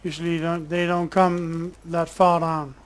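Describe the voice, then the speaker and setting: Slow, sarcastic gaming streamer man. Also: on the high side, little pitch movement. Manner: sarcastic banter at game characters, swearing when annoyed. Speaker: gamer streamer. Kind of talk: casual gameplay commentary.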